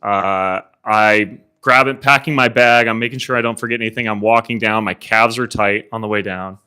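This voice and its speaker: A man coaching a room of agents live, telling an animated story of his own race, acting out his inner thoughts and swearing casually. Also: fairly low pitch, moderate pace, clean tone. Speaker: CEO coaching real estate agents. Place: meeting room with a live audience.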